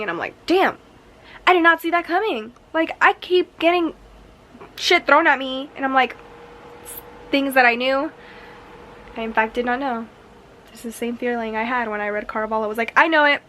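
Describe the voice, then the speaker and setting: A young woman filming a casual reading vlog, gushing and excitable, full of "like" asides, recorded on a camera mic at home. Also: on the high side. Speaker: book vlogger.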